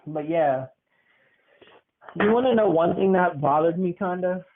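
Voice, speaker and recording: A young man talking at an unhurried, easygoing pace, full of casual fillers as he chats and tells a spooky tale. His voice sits a little high for a man, and it comes through thin and tinny, like a phone call. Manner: relaxed, many fillers, dramatic "dun dun dun". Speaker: podcast co-host. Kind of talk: casual chat, storytelling.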